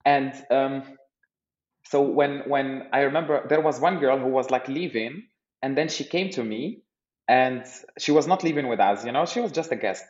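Animated man telling a funny story. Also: medium pitch, moderate pace, roomy sound, highs cut off. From Morocco. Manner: animated storyteller, laughs often, repeats words. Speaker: podcast guest, startup founder. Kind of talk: casual storytelling interview.

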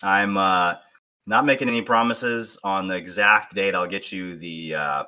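Deep, bright-voiced male fitness coach. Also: unhurried. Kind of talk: casual chat.

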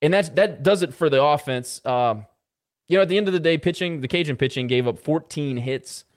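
A man's voice: on the high side, fairly quick. A man co-hosting a sports podcast, casually running through baseball box scores with lots of "uh" fillers. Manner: rattles off baseball stats with filler "uh"s. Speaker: podcast co-host.

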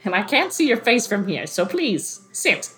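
A woman narrating a tabletop game as game master, relaxed and often laughing. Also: mid-range voice, normal speed, faint music behind. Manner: relaxed, giggly, many fillers.

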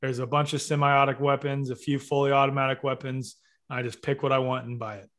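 Man, mid-pitched voice, casual chat, brief agreeing replies. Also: flat delivery, fast, fairly bright tone. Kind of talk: casual podcast conversation.

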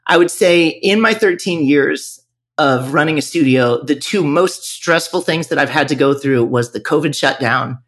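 A man's voice: a little high, normal speed, fairly bright tone. A man who owns a music school, speaking candidly and reflectively in a podcast interview, often restarting his sentences. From northern Virginia.

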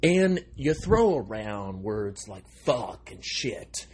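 Man, 30s, rambling comic monologue, sarcastic, easily excited, wildly swinging pitch. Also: slow pace, slightly rough. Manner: self-described aggressive tone.

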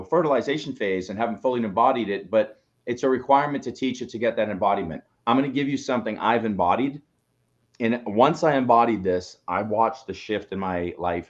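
A man's voice: fairly low pitch, dull audio. A man co-hosting a motivational live show, coaching listeners in an emphatic, preachy way and swearing now and then. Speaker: co-host, coach.

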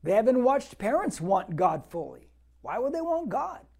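A man's voice: extremely high pitch, very animated, normal speed, vocal fry, darkish tone. A man in his sixties preaching a verse-by-verse Bible teaching, talking conversationally and repeating words for emphasis as he builds to fervent exhortation. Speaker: pastor.

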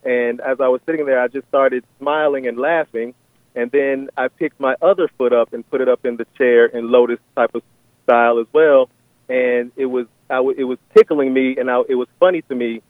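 A man's voice: medium pitch, no room sound. A man calling in to a radio show to describe a vision, hesitant and full of fillers and restarts. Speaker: caller. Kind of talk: phone-in call sharing a vision. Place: on a phone call. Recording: tinny phone line, dry.

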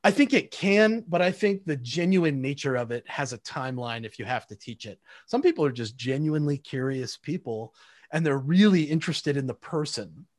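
A man's voice: a little high, lively intonation, normal speed. A man in casual conversation who acts out quoted exchanges as he talks.

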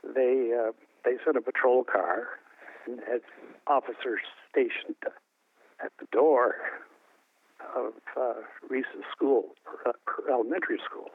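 An older man from New Brunswick, Canada, recalling a personal story in an interview, halting with many restarts. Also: medium pitch, dry recording, narrow, tinny audio. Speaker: interview guest. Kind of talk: emotional personal recollection.

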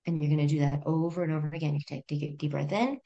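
A middle-aged woman speaking as a therapist guest on a podcast, calm and gently instructive as she walks through breathing exercises. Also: low voice, very fast, lo-fi sound. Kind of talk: conversational podcast interview.

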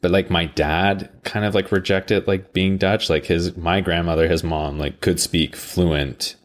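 A man's voice: sits low, unhurried. A young Canadian man in casual podcast chat, telling stories, swearing, and acting out quotes. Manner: animated storyteller, swears, acts out quotes.

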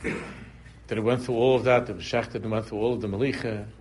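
A man's voice: fairly low pitch, steady tone, a little fast, a little mellow, a little hiss or hum. A man teaching a casual religious class, talking conversationally, repeating phrases and drifting into humorous examples. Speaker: Torah teacher.

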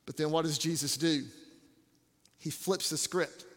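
A male campus pastor preaching a sermon in an animated, joking way, repeating words for emphasis. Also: a little high, measured pace, long reverb tail.

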